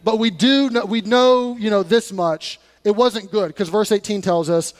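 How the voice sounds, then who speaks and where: Male pastor, high voice, emphatic conversational sermon, blunt warnings, long hall reverb. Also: normal speed. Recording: long reverb of a large room.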